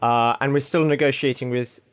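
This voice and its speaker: A man co-hosting a casual podcast, joking in a dry, deadpan way. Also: medium pitch, normal speed, clear, resonant tone. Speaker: podcast co-host. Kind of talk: casual chat.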